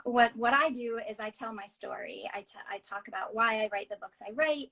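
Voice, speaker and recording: Earnest woman author, higher voice. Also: poor audio. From United States. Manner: earnest, halting, drops softly near a whisper at times. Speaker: author and interview guest. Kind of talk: personal storytelling in conversation.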